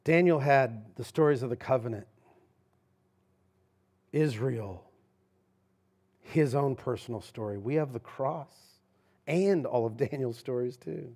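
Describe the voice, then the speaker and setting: A man preaching a sermon as pastor, talking in a conversational, emphatic way that swings between loud and hushed. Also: mid-range voice, unhurried, pauses often, husky. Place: church sanctuary.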